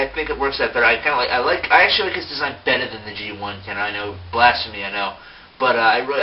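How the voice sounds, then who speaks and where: A man giving a casual, unscripted toy review, rambling with lots of fillers and self-mocking asides. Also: medium pitch. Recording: distant mic, dull sound, faint hiss.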